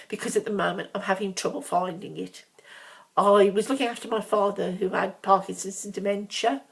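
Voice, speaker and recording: A gravelly, medium-pitched voice belongs to a middle-aged vlogger from Birmingham, England, speaking in a Brummie accent. Her frank, chatty monologue wanders along with frequent ums and side remarks.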